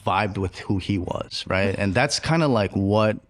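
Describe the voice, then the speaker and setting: Rambling low-voiced chef, casual. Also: male voice, unhurried. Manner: rambling, many fillers, casual swearing. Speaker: chef and restaurant co-owner. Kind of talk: casual interview conversation.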